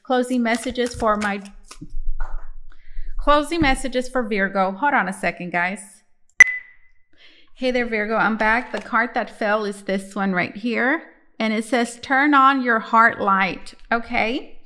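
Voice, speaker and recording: A woman's voice: mid-range voice, a bit bright, slight background noise. Young adult woman, casual tarot reader, chatty, loose delivery with restarts and fillers. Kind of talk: casual tarot reading to camera.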